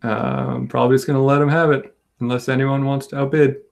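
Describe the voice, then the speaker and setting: Gravelly-voiced man hosting a comic auction. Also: mid-range voice, little pitch movement, a little fast. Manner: rambling, self-deprecating, joking. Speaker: comic shop auction host. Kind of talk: casual live-stream auction chat.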